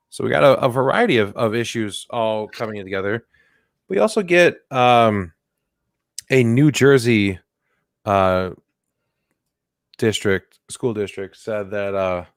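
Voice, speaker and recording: A man co-hosting a comedy news podcast in casual chat, jokey and goofy with animated bursts. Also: lowish voice, no room sound, studio quality. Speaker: podcast co-host.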